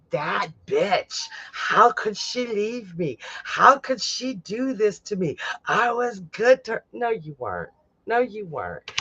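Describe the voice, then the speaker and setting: Chatty psychic with a lively, slow delivery. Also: mid-range voice, no echo, muffled recording. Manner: chatty, blunt, swears freely. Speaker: psychic host of a live stream. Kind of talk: live tarot reading, casual chat.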